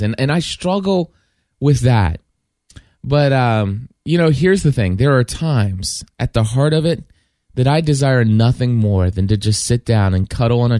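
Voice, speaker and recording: Earnest halting middle-aged man, dry sound. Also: medium pitch, darkish tone, dry recording. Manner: halting, many restarts, earnest and heartfelt. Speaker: father sharing a personal faith reflection. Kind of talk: casual spoken reflection.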